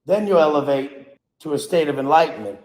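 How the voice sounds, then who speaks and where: A man's voice: a little high, lively intonation, a little fast, darkish tone, echoey room, low-quality recording. A man giving an earnest, preachy motivational speech about energy and enlightenment. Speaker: motivational speaker.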